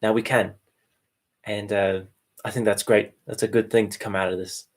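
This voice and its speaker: A man speaking as a guest in a reflective, spiritual way, thoughtful and unhurried, with hesitant fillers. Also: lowish voice, flat delivery.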